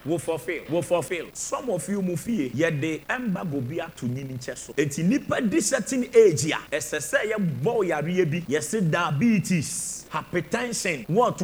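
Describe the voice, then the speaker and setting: A male pastor preaching a healing sermon, shouting fervent declarations over the congregation. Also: high voice, slight background noise.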